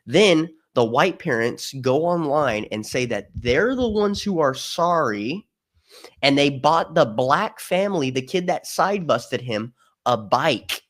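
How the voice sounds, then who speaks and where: A man's voice: a little high, expressive, slow. A man talking as a podcast guest in a casual political discussion, emphatic and given to storytelling with mimicked voices.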